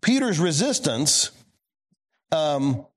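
A male pastor giving a sermon, swinging between emphatic lines and low quiet asides, putting questions to the congregation. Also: very animated, slow pace, breathy edge.

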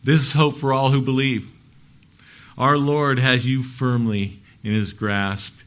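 A man's voice: mid-range voice, flat delivery, slow pace. Earnest male pastor preaching a sermon. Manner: earnest preaching, rising for emphasis and dropping soft at phrase ends.

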